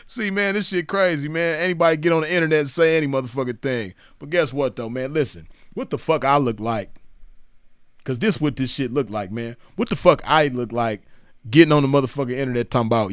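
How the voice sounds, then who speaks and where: A man's voice: medium pitch, fairly quick, clear, resonant tone, no room sound, clean studio sound. A man mocking and roasting clips in profane reaction commentary, laughing often.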